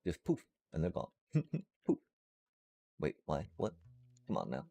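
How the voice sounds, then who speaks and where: A man's voice: very deep voice, huge pitch swings, measured pace, vocal fry, dark tone, soft background music. A man streaming a game live, chatting casually and playfully to his viewers in a rambling way. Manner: rambling and playful, addresses chat.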